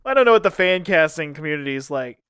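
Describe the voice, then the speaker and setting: A man's voice: on the high side, animated, quick pace, a bit bright, clear, resonant tone. A man co-hosting a podcast in casual chat, dry and teasing, often laughing. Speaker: podcast co-host.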